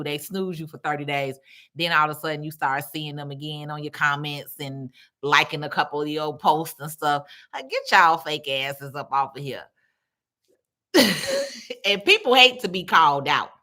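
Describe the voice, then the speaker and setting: Reading viewer comments out loud and laughing a lot, this livestream host swears freely and speaks bluntly in a casual setting. Her voice is deep, pushed, and bright.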